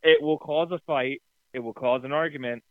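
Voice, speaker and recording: Laughing podcast co-host. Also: male voice, mid-range voice, fairly even intonation, moderate pace, no room sound. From New Jersey. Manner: laughs a lot, explains for listeners. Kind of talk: casual chat. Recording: dry, phone-like lo-fi sound.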